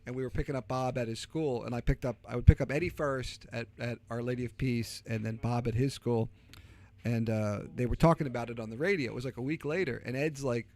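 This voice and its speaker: This podcast co-host is a middle-aged Delaware County Philadelphia man whose medium-pitched, darkish voice stays steady and brisk. Chatting casually, he wanders through stories full of fillers and false starts.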